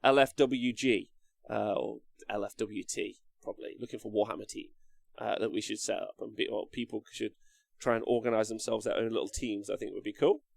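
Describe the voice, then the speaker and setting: A man's voice: on the low side, steady tone, brisk, gravelly, no room sound. A man hosting a live stream, rambling casually through viewer comments and swearing now and then. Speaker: live-stream host reading chat.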